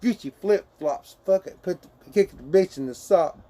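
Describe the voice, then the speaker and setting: A man with a high voice streams live from his bedroom, talking at normal speed in a casual, crude way. He laughs often and calls people "man" and "dude" while answering viewer chat, with background noise in the recording.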